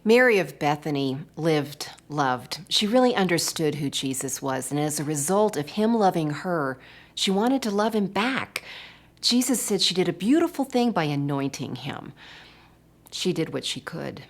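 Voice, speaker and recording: A woman's voice: low voice, very animated, normal speed. An older woman giving a devotional talk, telling personal stories in a reflective way. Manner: personal storytelling, warm and reflective. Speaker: speaker.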